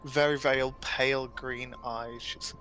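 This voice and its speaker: A man's voice: medium pitch, level tone, measured pace. A man narrating a tabletop game as game master in a loose, descriptive way, with frequent ums. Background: faint music.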